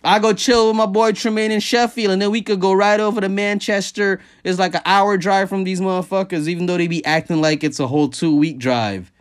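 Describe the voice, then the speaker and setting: A man holds forth in a loose, foul-mouthed comic rant, his voice sitting a little above the usual male range. He shoots his pitch sharply upward whenever he wants to stress a point, keeping the talk animated and conversational like a podcast host. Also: a little fast, few pauses. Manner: profane, animated, jumps high in pitch for emphasis. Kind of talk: casual comedic rant.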